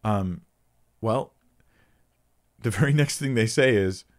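A man hosting a Bible question-and-answer session, explaining scripture in a relaxed, unscripted way, often thinking aloud and restarting his sentences. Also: on the low side, slow pace. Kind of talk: casual unscripted Bible teaching.

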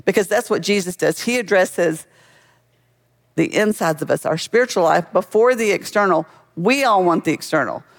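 High-voiced gravelly preacher. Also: male voice, lively intonation, moderate pace. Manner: conversational, asks the listeners questions. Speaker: pastor. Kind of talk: sermon.

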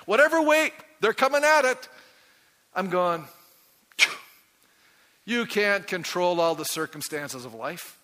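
Middle-aged male preacher, animated and questioning, fairly high bright voice in a reverberant hall. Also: moderate pace, long pauses. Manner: energetic, quizzes the congregation with rising questions. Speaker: pastor. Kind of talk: sermon.

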